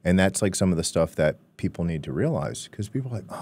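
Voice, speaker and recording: A man from Pennsylvania, a guest on a podcast, chatting casually and ending his points with a quick "right?". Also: deep voice, dry recording. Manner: relaxed, talkative, ends points with "right?". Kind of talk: casual interview chat.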